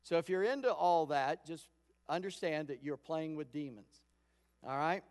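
A pastor giving a sermon in a conversational storytelling way, acting out quoted lines. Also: male voice, a little high, normal speed. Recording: long hall reverb.

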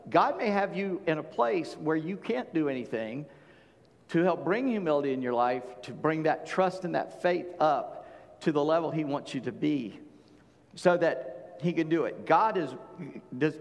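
Man preaching a sermon, folksy and conversational, slightly high voice, long hall reverb. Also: gravelly. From Charleston, South Carolina. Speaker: pastor.

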